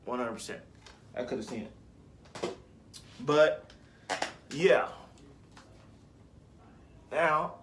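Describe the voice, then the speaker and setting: A man's voice: medium pitch, a little hiss or hum. A young man chatting casually about his favorite movies, rambling and slangy, correcting himself as he goes. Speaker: vlogger. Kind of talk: casual movie list chat.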